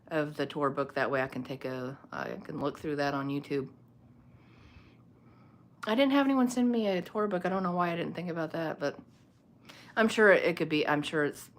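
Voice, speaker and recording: A woman chatting casually on a phone livestream at home, rambling and laughing often as she reads viewer comments. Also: sits low. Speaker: livestream host. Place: home room lit by a small ring light.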